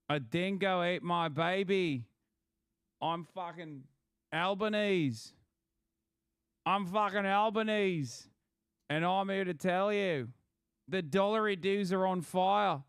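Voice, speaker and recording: Brief: profane mock Aussie politician, slightly high, smooth, as a man puts it on. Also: measured pace, few pauses, dry recording, clean studio sound. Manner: profane, mocking. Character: crude mock Australian prime minister, middle-aged man.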